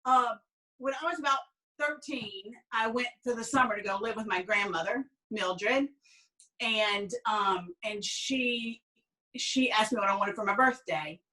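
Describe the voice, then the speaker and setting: A woman's voice: on the high side, unhurried, sharp tone, recorded from a distance, low-quality recording. A Southern woman with a Southern US accent, telling family stories in a chatty, rambling way while teaching a baking lesson. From American South. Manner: chatty storyteller, folksy and rambling. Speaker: cooking instructor. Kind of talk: casual baking demonstration.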